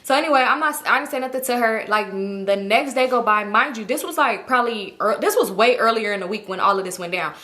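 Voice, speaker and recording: A young woman vlogger telling a casual storytime, animated and acting out what others said. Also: on the high side, fast, few pauses. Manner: animated, acts out other people's lines.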